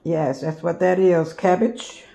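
A woman's voice: on the low side, fairly even intonation, a little slow, gravelly, dark tone. A woman, showing her home-cooked meal to viewers in a homey, chatty way. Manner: homey, chatty, addresses viewers as y'all and honey. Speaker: cooking vlogger. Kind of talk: casual cooking show-and-tell.

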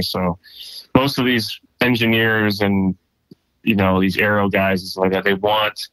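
A man co-hosting a casual sports podcast in a fairly low voice. He talks in a laid-back, swearing way, full of "like" and "you know", and the sound is close and dry. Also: a bit bright, no room sound, low-quality recording. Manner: laid-back, profane, filler-heavy. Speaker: podcast co-host.

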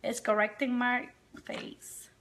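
A tired woman with a high, fairly bright voice speaks slowly with little pitch movement. She's a makeup vlogger chatting and rambling on a casual live stream at home, addressing her viewers and her dog via phone or webcam indoors.

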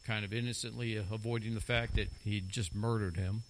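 A man's voice: on the low side, steady tone, a little fast, slight background noise. A middle-aged man preaching a sermon as a lay preacher, talking emphatically and repeating key phrases for stress.

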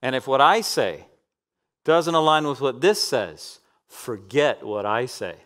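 A man in his thirties preaching a sermon as pastor, impassioned, swinging between loud emphatic lines and soft, hushed asides. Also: mid-range voice, lively intonation, unhurried.

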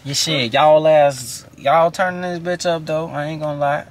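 A man's voice: a little high, steady tone, normal speed. A man, a guest in a casual interview, talking bluntly with lots of profanity and repeated restarts.

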